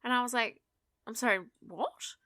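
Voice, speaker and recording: A woman's voice: on the high side, normal speed, no room sound, studio quality. A woman co-hosting a podcast, telling work stories in casual chat, swearing freely and acting out the people in them. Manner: animated storyteller, swears freely, acts out customers. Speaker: podcast co-host.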